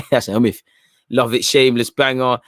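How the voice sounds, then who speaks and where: A football watchalong host with a mid-pitched, fairly bright voice talks casually and opinionatedly through a live match at a normal speed, his intonation fairly even. He reacts to the play, reads viewers' chat messages aloud and responds, often ending phrases with "man." The recording is dry and close, with little room sound.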